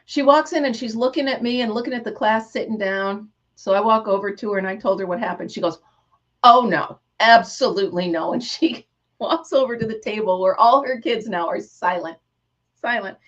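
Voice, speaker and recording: Animated woman host, lo-fi stream audio. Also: a little high, fairly quick. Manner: animated storyteller, reads out viewer names. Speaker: livestream host. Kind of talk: casual livestream chat.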